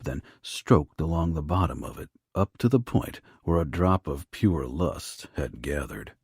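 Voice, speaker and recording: A man narrating a first-person romance audiobook in a low, rough, often hushed delivery. His voice sits extremely deep and carries a husky grain. The recording is dry and close. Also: dry recording.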